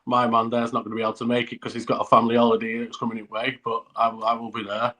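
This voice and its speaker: A man's voice: mid-range voice, monotone, quick pace, bright, forceful tone. A man hosting a fight talk show in a casual, easygoing way, often calling his guest mate. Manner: easygoing, laughs along, calls guest mate. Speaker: podcast host. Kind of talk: casual interview chat.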